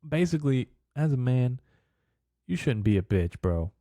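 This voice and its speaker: A man's voice: medium pitch, sing-song, a little slow, warm tone, no room sound, studio quality. A man in his twenties hosting a podcast, rambling casually in a profane, bro-speak manner. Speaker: podcast host.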